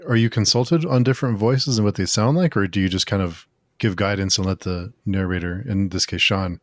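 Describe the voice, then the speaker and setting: A male interview host puts a question to his guests in a measured way, pausing to find his words. His voice is fairly low. The recording is dry and close. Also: no room sound.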